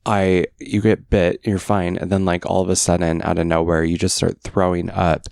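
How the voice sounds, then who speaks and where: Guy co-hosting a podcast, gravelly voice, dark mellow tone, acts out all the quotes. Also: sits low, moderate pace, dry recording, clean studio sound. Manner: animated, campy storyteller who acts out quotes. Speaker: podcast co-host. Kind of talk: casual storytelling chat.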